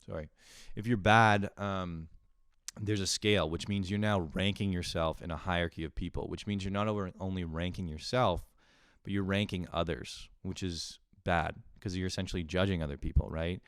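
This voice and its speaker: A young man with a low, smooth voice talks through a loose, profane podcast monologue. He rambles, pokes fun at himself and laughs often. The sound is close and dry. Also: fairly even intonation, moderate pace, no room sound. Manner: rambling, profane, self-deprecating, with frequent laughs. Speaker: podcast host. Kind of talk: casual solo podcast monologue.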